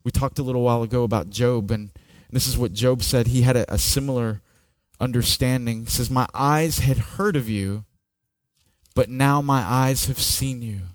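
A man preaching a sermon, slow and dramatic, sliding between hushed, near-whispered passages and raised, ringing peaks. His voice sits at an ordinary middle pitch. The recording is dry and close, with almost no room sound. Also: steady tone, no room sound. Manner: slow, dramatic preaching that swings from soft to loud. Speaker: pastor.

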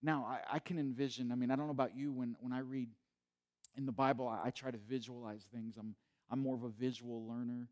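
A man's voice: mid-range voice, fairly even intonation, fairly quick, darkish tone. A man, a pastor, preaching a sermon in church in a conversational way, repeating words as he goes and rising to emphatic peaks.

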